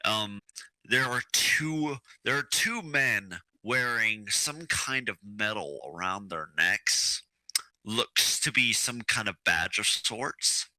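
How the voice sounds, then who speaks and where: A man's voice: lowish voice, slow, bright, forceful tone, no room sound, low-quality recording. A man narrating a tabletop game as dungeon master, loose and rambling.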